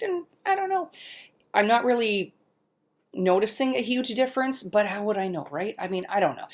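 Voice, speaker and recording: A middle-aged woman talking casually in a home vlog, chatty and self-deprecating, laughing often and sometimes pausing mid-sentence to find a word. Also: mid-range voice, a little mellow. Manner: pauses mid-sentence searching for words. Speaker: vlogger. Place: at her mother's home.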